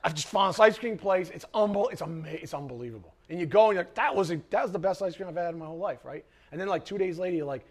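A man preaching a sermon in an animated way, reading scripture and acting out everyday conversations. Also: sits high, rapid-fire, hardly any pauses. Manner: animated, acts out quoted voices. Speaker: pastor.

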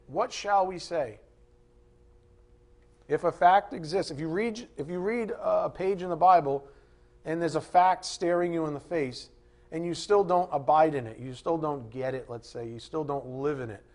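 A man delivers a sermon in an emphatic style, reading scripture aloud with rising force. He leans on key words and repeats them for stress. His voice sits a little higher than most men's. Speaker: preacher.

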